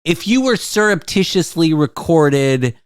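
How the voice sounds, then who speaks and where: A man's voice: fairly high pitch, a little slow, clear, resonant tone, dry recording, clean studio sound. A man hosting a radio talk show in a casual, jokey chat. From Canada. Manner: lively and chatty, jokey. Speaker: radio host. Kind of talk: casual conversation.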